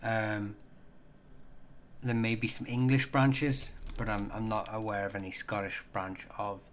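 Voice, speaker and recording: A man hosting a casual live stream, answering viewer questions in a halting way, full of ums and restarts, chatty and self-deprecating. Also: on the low side, flat delivery, slight background noise.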